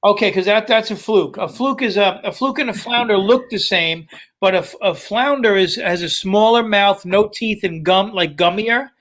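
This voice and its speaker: A man's voice: high-pitched, normal speed, fairly bright tone. A man, a comedian guest on a podcast, chatting casually in an easygoing way and explaining things at length. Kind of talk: casual chat.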